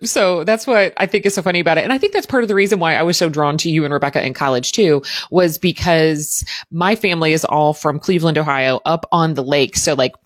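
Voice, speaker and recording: A woman from Southern Indiana hosting a casual interview with an old college friend, chatty and quick to laugh. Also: sits low, no room sound.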